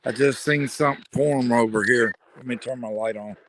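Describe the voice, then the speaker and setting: A man investigating the paranormal at night outdoors, calling out questions to unseen spirits in a hushed, probing way. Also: medium pitch, moderate pace, a little hiss or hum. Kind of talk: ghost-hunting vlog narration. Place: outdoors at night near a building.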